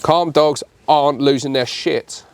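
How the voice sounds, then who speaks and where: A man runs a dog training session in a mid-pitched voice. He speaks bluntly and swears freely. He often acts out the dog's thoughts to explain a point. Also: unhurried, clean tone.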